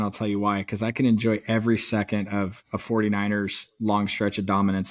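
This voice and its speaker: A man co-hosting a podcast, chatting about sports as an excited, rambling fan with some mild swearing. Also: on the low side. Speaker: podcast co-host. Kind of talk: casual sports chat.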